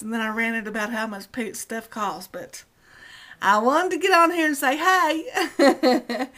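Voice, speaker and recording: A woman's voice: on the high side, a bit bright. A middle-aged woman rants casually to her vlog camera, exasperated and rambling, repeating herself for emphasis. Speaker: vlogger.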